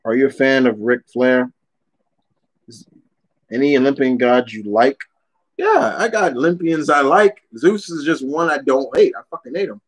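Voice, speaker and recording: A man's voice: medium pitch, lively intonation, moderate pace, low-quality recording. A young man ranting bluntly and with animation while chatting casually on a live stream, swearing often as he answers viewers' questions.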